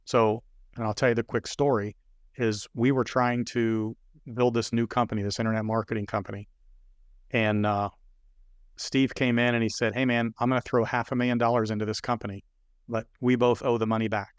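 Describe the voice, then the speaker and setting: A man's voice: medium pitch, brisk, clean tone, dry recording, studio quality. An older man, a business consultant, telling stories in a podcast interview and acting out the dialogue as he goes. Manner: animated storyteller acting out dialogue.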